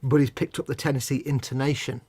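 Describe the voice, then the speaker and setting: A man's voice: mid-range voice, level tone, quick pace, darkish tone, slightly rough. A man co-hosting a live model-building stream, joking and teasing, explaining things at length. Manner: jokey, teasing, rambling explanations. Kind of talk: casual chat.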